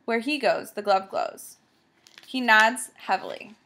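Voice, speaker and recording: A woman reading a children's story aloud as narrator, measured and vivid. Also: on the high side, expressive, vocal fry, sharp tone. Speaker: audiobook narrator.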